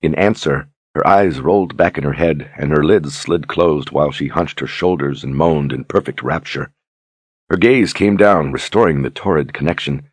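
A man narrating a fantasy novel with an extremely low, husky voice. He reads in a steady, measured way. The recording is close and dry, with no room sound. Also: dry recording. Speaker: audiobook narrator.

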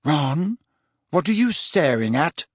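A man voicing an anxious, bossy teenage girl witch in an audiobook, shrill when alarmed and hushed when urging. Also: sing-song, slow, slightly rough, no echo, clean studio sound, exaggerated voice. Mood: earnest. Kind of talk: audiobook character voice.

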